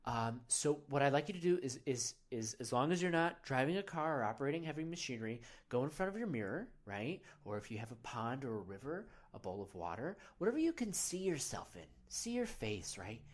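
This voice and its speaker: A man hosting a parody guided meditation, rambling and earnest, often soft-spoken. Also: mid-range voice, very animated, brisk, hardly any pauses. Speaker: host.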